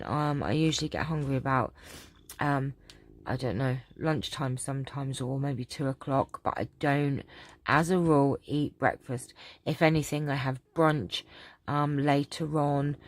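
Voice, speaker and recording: A woman with a sore, hoarse throat, chatting casually through a vlog Q&A with lots of ums and throat-clearing. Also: low-pitched. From England. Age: adult, about to marry. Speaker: crafting channel host.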